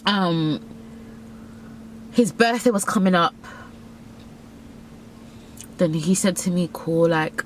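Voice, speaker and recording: Young woman, lowish voice, blunt and sweary, storytime vlog. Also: slow pace, pauses often, a little hiss or hum. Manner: blunt and profane, slangy, self-deprecating. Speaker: vlogger. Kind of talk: candid storytime monologue.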